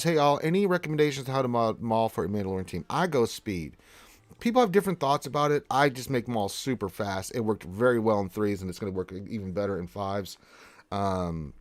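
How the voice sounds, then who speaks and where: A man with a fairly low voice hosts a relaxed gaming livestream. He chats along, reads viewer messages aloud and talks with frequent ums and uhs. The sound is dry and close, with no room echo. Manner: reads chat aloud and greets viewers, chatty with many fillers. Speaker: livestream host. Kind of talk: casual livestream chat.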